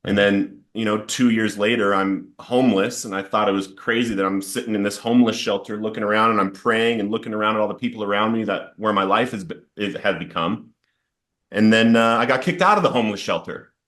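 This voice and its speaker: A man's voice: lowish voice, fairly quick, fairly bright tone. A man sharing an earnest, emotional personal testimony about addiction and recovery as a podcast guest. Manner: earnest, storytelling with rising intensity in quoted outbursts.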